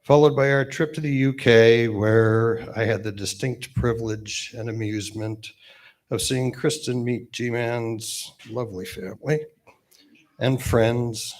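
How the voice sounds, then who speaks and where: Slow, low-voiced man giving a eulogy. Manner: halting, pausing with fillers. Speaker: eulogy speaker, best man. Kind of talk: memorial eulogy with gentle humor. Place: memorial gathering.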